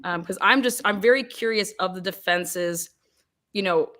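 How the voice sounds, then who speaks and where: A woman hosting an interview over a video call, chatting in a lively way and often quoting her own reactions. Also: medium pitch, normal speed. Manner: chatty, animated, quoting herself. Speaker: host. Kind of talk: casual interview chat.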